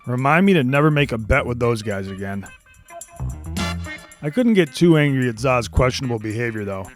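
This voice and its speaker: Wry guy narrating a travel vlog voice-over, lively pitch, music under it. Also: normal speed.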